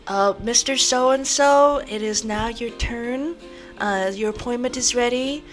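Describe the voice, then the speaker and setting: A woman doing a high, polite receptionist. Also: music in the background, close to an everyday voice. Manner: slow, overly polite. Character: polite female clinic receptionist calling a patient.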